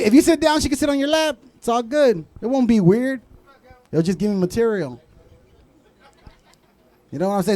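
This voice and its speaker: A young man from Southern California performs a loud, crude stand-up comedy set, working the crowd and tossing in Spanish asides. His voice sits high and swings wildly in pitch. The sound is dry and close. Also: no echo.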